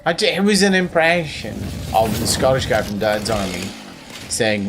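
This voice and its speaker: With music in the background, a Belfast man streams himself gaming and rambles on, poking fun at himself and breaking into goofy noises. His mid-range voice is very animated, and he talks at a normal speed.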